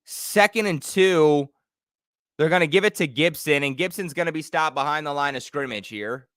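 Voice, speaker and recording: Young male fan host, play-by-play and reactions; bright, dry, excitable. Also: fairly high pitch, moderate pace, clear, resonant tone, dry recording. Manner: excitable, swings from calm analysis to yelling. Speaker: fan watch-party host.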